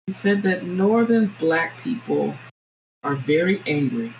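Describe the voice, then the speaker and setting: A woman with a Southern American accent, a podcast guest talking things through in a reflective, halting way with many restarts. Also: fairly low pitch, lively intonation, vocal fry, lo-fi sound, slight background noise. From Southern United States. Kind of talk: casual podcast conversation.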